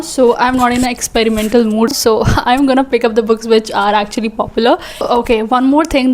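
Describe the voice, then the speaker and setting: A young woman with an Indian English accent, chatting excitedly and rambling as a book vlogger. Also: a little high. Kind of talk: casual vlog chat.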